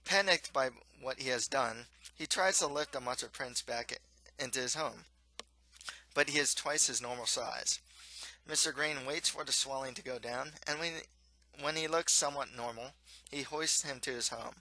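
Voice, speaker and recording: A man reading his own children's-style novel aloud, in steady, plain storybook narration with occasional slips. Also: mid-range voice, normal speed, no room sound, poor audio.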